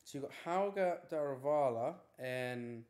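Male streamer, relaxed chatty read of chat, mid pitch, unforced. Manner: chatty, easygoing, quick to brush off teasing. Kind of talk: casual live-stream chat.

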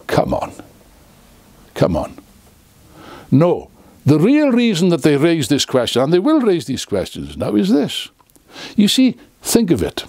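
A man's voice: fairly high pitch, wildly swooping pitch, moderate pace, darkish tone, no echo. An older man giving an impassioned, unscripted lecture to camera, full of sarcastic asides and restarts, close on the mic. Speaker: political speaker.

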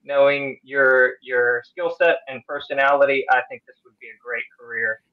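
A man answers interview questions in a friendly, relaxed way and tells his story with light laughs. His audio comes over a remote link and sounds a little dull. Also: medium pitch, moderate pace. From Louisville, Kentucky. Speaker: guest, hospital supervisor.

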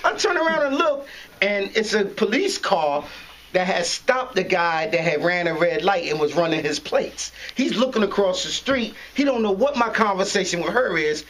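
High-voiced New man telling a story. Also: normal speed, slight background noise, rough recording. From New York. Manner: animated, slangy, acts out dialogue, laughs often. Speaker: interview guest telling a story. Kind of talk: casual street storytelling.

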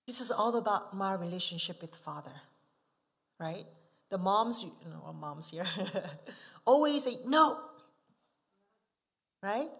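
A woman missionary with a medium-pitched, expressive voice and some vocal fry preaches unhurriedly, often asking the congregation rhetorical questions. She swings from soft asides to forceful, emphatic stresses on key words.

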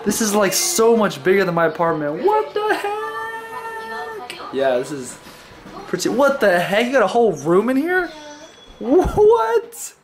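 A man's voice: high voice, sing-song, brisk. A man from Texas chatting playfully on a travel vlog, laughing and teasing friends. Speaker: vlogger. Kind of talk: casual travel vlog chat. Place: outdoors and indoors while traveling. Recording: loud background noise, handheld camera.

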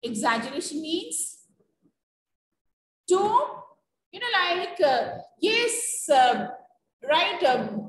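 A woman's voice: high voice, sing-song, extremely slow, pauses often. A woman with an Indian English accent teaching an English class, explaining with many fillers and checking questions. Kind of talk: online class lesson. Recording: echoey room, distant mic, faint noise.

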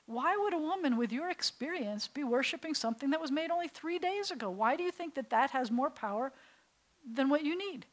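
A woman voicing an earnest, clever teenage boy who rushes out a dramatic, breathless tale. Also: high voice, animated, pitched above the performer's own voice.

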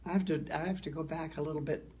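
An older woman from the American Midwest, a guest actress telling animated stories in a conversational interview. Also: low-pitched, fast talker, slight background noise. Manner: storytelling, animated.

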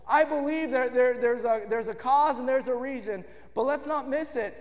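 A man preaching a sermon in a church, with an emphatic cadence that swells into shouts. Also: extremely high pitch, moderate pace, hardly any pauses. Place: church sanctuary. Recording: long reverb of a church hall.

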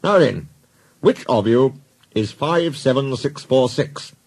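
A man playing a stern, husky old railway boss. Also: mid-range voice, lively intonation, a little mellow, pitched above the performer's own voice, exaggerated voice. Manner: brisk and commanding, dryly patient. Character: stern, stout, elderly male railway boss.

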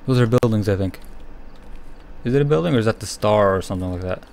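A man's voice: fairly low pitch, fast, creaky, darkish tone. A young man giving nervous running commentary while playing a horror game, often dropping to a whisper. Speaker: gaming streamer.

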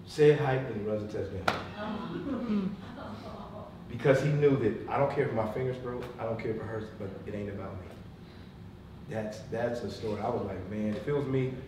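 A man in his thirties addresses a live audience as a motivational speaker, laughing often and moving between loud punchlines and hushed asides. He sounds distant from the mic, and the room's echo and steady background noise are clearly heard. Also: mid-range voice, normal speed, long pauses. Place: meeting room with an audience. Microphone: far from the mic.

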